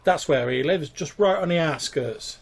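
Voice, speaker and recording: A man's voice: a little high, normal speed. A man voicing a chatty young male town guard who rambles with lots of fillers and hesitations.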